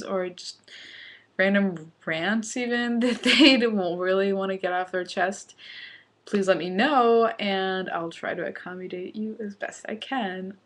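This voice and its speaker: A young woman chatting casually through a home recipe vlog, laughing often and sometimes talking with her mouth full. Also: medium pitch. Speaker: vlogger.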